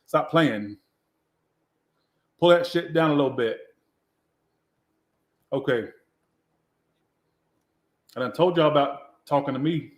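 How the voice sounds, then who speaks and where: A man's voice: on the high side, takes it slowly, pauses often. A man giving a casual live tarot reading, talking in a blunt, sassy way with a lot of swearing. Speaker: tarot reader. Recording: echoey room.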